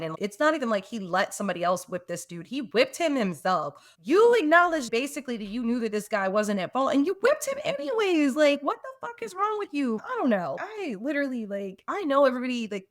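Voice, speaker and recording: A woman co-hosting a casual book podcast, venting hard and swearing freely. Her voice sits in an ordinary middle pitch. It is recorded dry and close, with no room sound. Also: sing-song, fast talker, hardly any pauses, no echo. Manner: ranting, frequent swearing. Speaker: podcast co-host.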